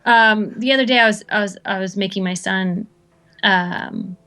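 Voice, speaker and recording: A woman's voice: mid-range voice, normal speed, pushed and bright. A woman guesting in a casual interview, rambling and self-deprecating, restarting her sentences often. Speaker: voice actor guest.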